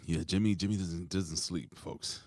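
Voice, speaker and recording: A man's voice: deep voice, steady tone, moderate pace, darkish tone, no echo, clean studio sound. A man co-hosting a casual wrestling review chat, joking, swearing and mocking the wrestlers. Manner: profane, joking, mocking impressions. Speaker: co-host.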